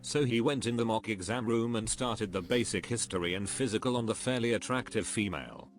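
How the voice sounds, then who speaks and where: A man's synthetic text-to-speech voice reading stories aloud in an even, steady way. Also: lowish voice, a little fast, a little hiss or hum. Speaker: story reader.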